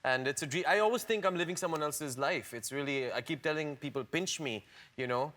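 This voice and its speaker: A man, an actor guest in an interview, telling a self-deprecating story in an animated, stammering way. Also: a little high, brisk. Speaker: actor on a long-running TV series, interview guest. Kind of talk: casual anecdotal storytelling. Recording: clear background noise.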